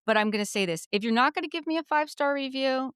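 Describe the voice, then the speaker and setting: A woman's voice: high-pitched, lively intonation, quick pace, a bit bright, clean tone, dry recording, clean studio sound. A woman co-hosting a podcast, chatty and agreeable as she retells scenes from a show. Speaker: podcast co-host. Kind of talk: casual chat.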